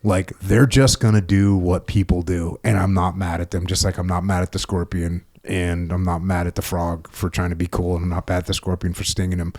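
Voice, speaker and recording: A middle-aged man with a very low voice hosts a podcast conversation. He talks in a reflective, casual manner, often laughing at his own points. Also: flat delivery, fairly quick, hardly any pauses, a little mellow. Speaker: podcast host, former military.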